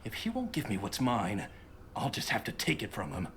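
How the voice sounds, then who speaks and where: An actor playing a bitter, resentful son in a game who talks coldly and grudgingly. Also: male voice, fairly low pitch, wildly swooping pitch, normal speed, fairly bright tone, a little hiss or hum. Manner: cold, grudging.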